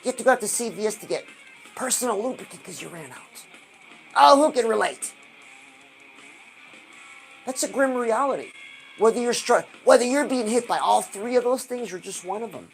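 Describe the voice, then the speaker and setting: A woman hosting a live stream, giving an animated motivational talk and asking her viewers rhetorical questions. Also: fairly high pitch, moderate pace, pauses often, soft background music. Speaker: livestream host.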